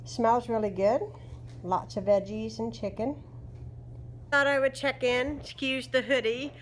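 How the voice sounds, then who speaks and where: A woman's voice: a little high, fairly even intonation, a little slow, slight background noise. A woman chatting casually in a home vlog, rambling with many fillers and frequent laughs. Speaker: vlogger. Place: at home indoors.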